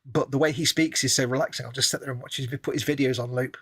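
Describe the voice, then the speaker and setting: A man's voice: medium pitch, fairly even intonation, fast, a bit bright, breathy edge. A man co-hosting a live stream, chatting casually and wryly while building models. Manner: chatty, rambling, wry.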